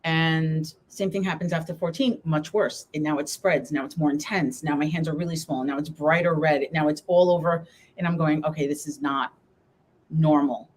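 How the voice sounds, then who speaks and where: A middle-aged woman with a slightly low voice tells her story as a guest on a live talk show. She speaks with emotion close to the surface, fighting back tears as she goes on. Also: steady tone, moderate pace, a little mellow, slight background noise. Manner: tearful, holding back emotion while telling her story.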